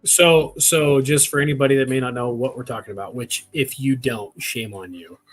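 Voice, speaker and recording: A man's voice: mid-range voice, moderate pace, soft background music. A man co-hosting a casual livestream, joking and playful as he explains things. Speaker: livestream co-host.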